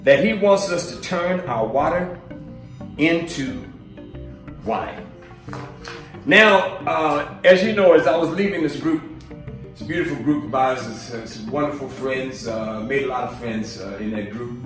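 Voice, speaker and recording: A man's voice: medium pitch, lively intonation, unhurried, a bit bright, roomy sound, far from the mic, faint music behind. A man and minister giving a casual, storytelling sermon, chatty and laughing as he acts out voices in his stories. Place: live stream from a roomy space.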